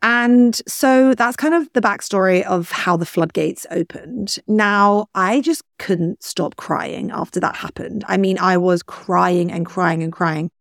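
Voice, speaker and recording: A woman's voice: mid-range voice, unhurried, gravelly, hardly any pauses, no echo, clean studio sound. A young woman hosting a podcast, frankly and emotionally sharing a personal story with casual swearing. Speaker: podcast host. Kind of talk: candid personal monologue.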